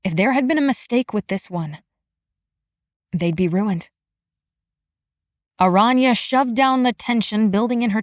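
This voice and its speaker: A woman's voice: mid-range voice, no echo. Woman narrating an audiobook, dry close sound.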